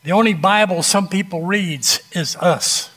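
A man preaching a sermon, telling an illustrative story with dramatic pauses and a conversational, direct manner. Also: high-pitched, bright, forceful tone.

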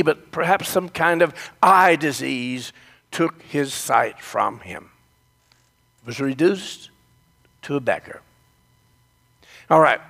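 A man's voice: fairly high pitch, creaky, a bit bright, in a large hall. A man preaching a sermon who tells the story and speaks straight to his congregation. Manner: storytelling, addresses the congregation directly.

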